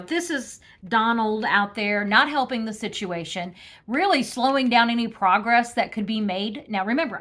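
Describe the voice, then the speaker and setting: Reading tarot on camera, a woman gives offhand political commentary in a fairly high, somewhat bright voice. She keeps things snarky and laughing, with plenty of ums and restarted thoughts.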